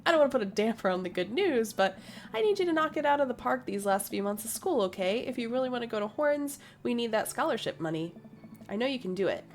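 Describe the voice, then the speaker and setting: A woman reading the lines of a doting, proud father in a dating-sim game in an earnest, warm way. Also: a little high, lively intonation, fast, a little hiss or hum. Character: doting single dad, emotional and proud.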